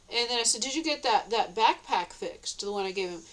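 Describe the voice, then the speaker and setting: A woman with a fairly high voice tells a long, wandering story straight to camera. She giggles between phrases, backtracks and restarts, and lifts into a sweet, bright high tone whenever she quotes herself. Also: animated, fast, rough recording. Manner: meandering, with many restarts and self-corrections. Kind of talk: rambling personal storytelling vlog.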